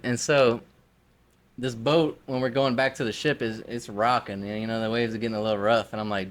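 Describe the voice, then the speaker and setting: Chatting on a podcast he co-hosts, this man drifts through a lengthy, meandering story full of profanity, "like," and other fillers. His mid-range voice is steady in tone and brisk in pace.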